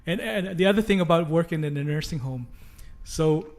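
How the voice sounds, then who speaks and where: A man's voice: a little high, a little fast. A man, a DJ guest on a podcast, telling old club stories in casual chat, laughing often, swearing freely and restarting sentences. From Canada.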